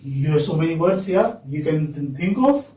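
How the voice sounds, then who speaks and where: A male English teacher with a somewhat high, dark-toned voice and lively intonation teaches phonetics, slowly coaxing students through repeated questions. The recording is distant and echoey, with a faint hiss or hum.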